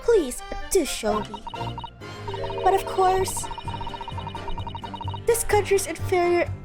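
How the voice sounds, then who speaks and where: A woman's voice: very high-pitched, very animated, slow, over loud music, voice pushed up, heavily acted. A woman voicing a haughty, condescending upper-class English lady testifying as a witness. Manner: condescending, prim and mock-genteel.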